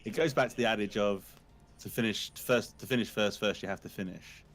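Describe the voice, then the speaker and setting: A man, a guest on a casual live-stream chat, teasing and quick with a quip. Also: on the low side, fairly bright tone. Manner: teasing, laughs often, quick quips.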